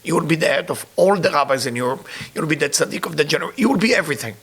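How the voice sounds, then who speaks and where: A man's voice: fairly high pitch, lively intonation, racing, a bit bright, breathy edge, heavily acted. A man voicing a great rabbi of old who is urgently pleading with a humble scholar, in a retold story. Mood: insistent. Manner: insistent, emphatic pleading.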